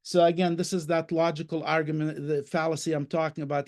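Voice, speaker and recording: A man with a noticeably high-pitched voice speaks as a guest in an online panel discussion. He is passionate and emphatic, talking in short bursts and restarting his sentences. He repeats words to drive a point home. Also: little pitch movement, brisk, darkish tone.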